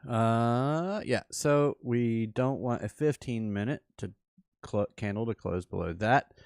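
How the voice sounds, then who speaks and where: A man's voice: mid-range voice, gravelly, darkish tone, dry recording, studio quality. A man hosting a trading workshop, walking through a livestreamed chart while thinking aloud and correcting himself as he goes. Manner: unhurried, thinks aloud, restarts and self-corrects.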